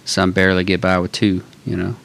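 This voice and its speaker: Chill guy guesting on a podcast, kinda low voice, easygoing. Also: little pitch movement, a little fast, vocal fry, a bit bright. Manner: easygoing, brief agreeing replies. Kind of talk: casual chat.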